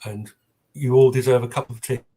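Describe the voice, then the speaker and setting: Older man, husky; chatty guest storyteller. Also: mid-range voice, little pitch movement, a little fast, warm tone. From South London. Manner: anecdotal, hesitant with many ums. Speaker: literary agent guest. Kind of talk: casual interview chat.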